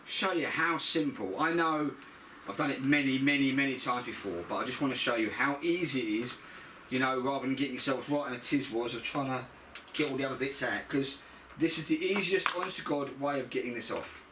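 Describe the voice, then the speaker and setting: A man's voice: medium pitch, brisk, bright, forceful tone, a little hiss or hum. A middle-aged man with a blunt, chatty manner, talking through a scooter repair in a workshop and swearing freely. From United Kingdom. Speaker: mechanic vlogger. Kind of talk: casual repair tutorial.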